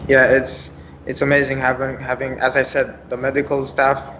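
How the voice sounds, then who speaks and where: A man's voice: mid-range voice, monotone, normal speed, fairly bright tone. A man with an American-tinged English accent, a professional footballer who learned English as a second language, answering interview questions hesitantly with many fillers. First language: not English. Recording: dull lo-fi with noisy background.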